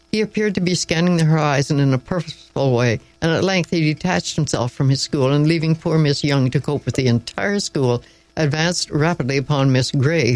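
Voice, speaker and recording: A man narrating an audiobook in a measured, wry storytelling manner, close to the mic. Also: a little high, darkish tone, dry recording, poor audio. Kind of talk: scripted narration.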